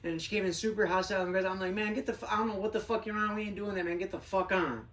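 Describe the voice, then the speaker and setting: A brash, profane woman guest tells a story on a podcast and gets loud as she acts out the scene. Her voice sits in a roomy space, a little away from the mic, with faint ambience behind it. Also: mid-range voice, racing, recorded from a distance, a little hiss or hum. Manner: brash, profane, animated when reenacting. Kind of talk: casual storytelling.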